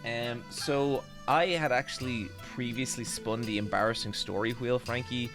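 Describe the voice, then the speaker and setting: A man's voice: medium pitch, fairly even intonation, moderate pace, music in the background. Casting: male host, worn-out, rambling comic storyteller. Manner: rambling, self-deprecating, restarts a lot. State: tired after a very long stream. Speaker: streamer and podcast host. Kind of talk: casual storytelling chat.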